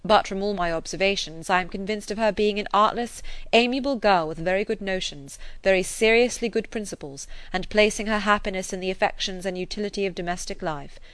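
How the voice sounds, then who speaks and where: A woman voicing an earnest, frank older gentleman in a read-aloud novel, speaking emphatically. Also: medium pitch, brisk, few pauses, no room sound, close to an everyday voice. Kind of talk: audiobook character voice.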